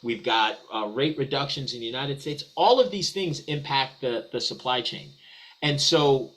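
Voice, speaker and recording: Poor audio captures a man of medium pitch and moderate pace whose tone is fairly bright. Answering questions as a webinar guest on business topics, he talks eagerly and conversationally, restarting often and doubling up on words.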